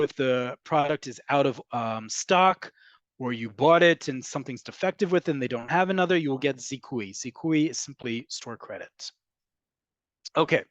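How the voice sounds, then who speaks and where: A man teaching a casual online Hebrew class, explaining words slowly and acting out tones of voice. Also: mid-range voice, dry recording.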